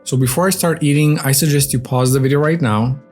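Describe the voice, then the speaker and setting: A man's voice: a little high, brisk, a little mellow, faint music behind. A man hosting a casual vlog, chatting loosely while eating on camera, with lots of fillers and restarts. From grew up outside the USA. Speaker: vlog host.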